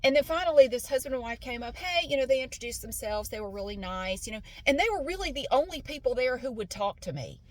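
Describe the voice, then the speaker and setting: A woman with a somewhat high voice tells a personal story in a casual, candid way and does not hold back on swearing. She talks from inside a car, and a vehicle can be heard behind her. She acts out other people's lines as she goes. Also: lively intonation, fast, hardly any pauses, dry recording. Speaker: vlogger telling a personal story. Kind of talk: casual storytelling while driving.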